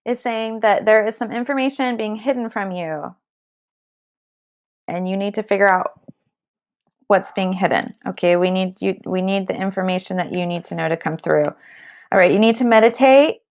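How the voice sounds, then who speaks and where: A woman giving a live tarot card reading, talking straight to viewers with blunt, emphatic tough-love advice, some swearing, and a constant "okay?" to check in. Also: medium pitch. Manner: keeps checking in with "okay?" and "all right?".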